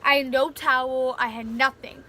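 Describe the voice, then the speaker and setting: A woman's voice: high-pitched, steady tone, moderate pace, pushed and bright, a little hiss or hum. A young woman vlogger telling a casual storytime, rambling with lots of fillers like "like.". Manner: rambling, filler-heavy retelling with many "like"s.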